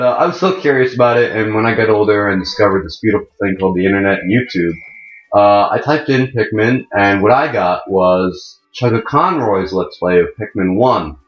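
A young man of about eighteen hosting a let's play, giving chatty, rambling commentary that keeps correcting itself. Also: sits low. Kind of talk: casual gameplay commentary. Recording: muffled mic in a wrong jack, echoey room. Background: faint game music.

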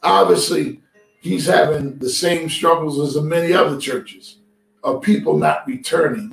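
A pastor with a slightly high, creaky voice preaches a streamed sermon at a measured pace, chatting with his congregation and inviting their responses. The recording comes from a distance in a roomy church sanctuary, with faint music behind him.

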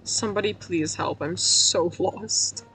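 A woman streaming a game, her voice going hoarse, rambling in a self-mocking way, cracking puns and laughing at herself. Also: lowish voice, takes it slowly, bright, forceful tone, faint music behind. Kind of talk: casual let's-play commentary.

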